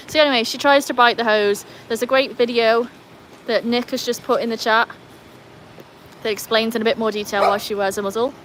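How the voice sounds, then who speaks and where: A woman from Wales chatting casually with livestream viewers outdoors by a pool, breaking off to scold and cheer her dogs in a high sing-song voice. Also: steady tone, a little fast, background noise. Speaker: livestream host.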